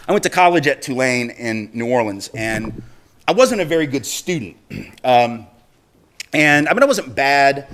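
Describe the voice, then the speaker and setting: A man's voice: on the high side, a bit bright. A middle-aged man giving a speech, telling a personal story in an easy, conversational way. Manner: conversational storyteller, acts out quoted voices. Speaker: speaker.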